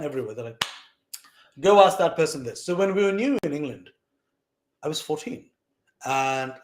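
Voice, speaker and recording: A young man from South Asia telling a personal story in an animated way, acting out quoted voices with frequent fillers. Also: on the high side, echoey room. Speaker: vlogger recounting lessons from his mother.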